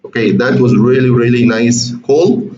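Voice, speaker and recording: This trading educator has a medium-pitched, slightly mellow voice at a normal speed. He's doing a screen-share chart walkthrough, chatting with viewers, repeating himself, and addressing them as "guys" over and over. The audio sounds roomy and muffled with a faint hiss.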